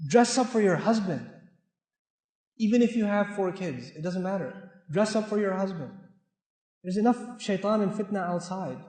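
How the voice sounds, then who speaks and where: Man, sermon, very high voice, direct, joking, repeats for emphasis, long hall reverb. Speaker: speaker giving a talk. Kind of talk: sermon to a live audience.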